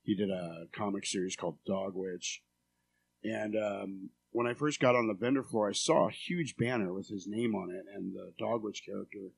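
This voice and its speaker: Brief: gravelly-voiced man, casual storyteller, swears freely. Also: lowish voice, slight background noise. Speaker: podcast co-host.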